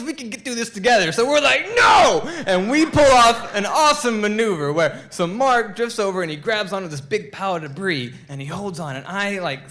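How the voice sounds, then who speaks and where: High, bright-voiced man telling a story. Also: slight background noise. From Pennsylvania. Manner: animated, acts out quotes, many "like"s. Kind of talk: live comedic storytelling. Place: live theater stage.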